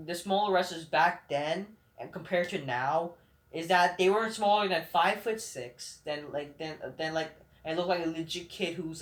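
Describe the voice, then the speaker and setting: A man's voice: high voice, fairly bright tone. Brief: a male vlog host in a heated, swearing, rambling rant, recorded in a roomy, echoing space. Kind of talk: profane rant.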